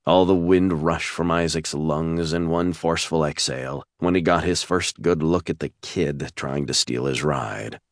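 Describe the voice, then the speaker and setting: A male audiobook narrator telling a suspense romance with steady, measured delivery. His voice is extremely deep, and the sound is dry and close with no room echo.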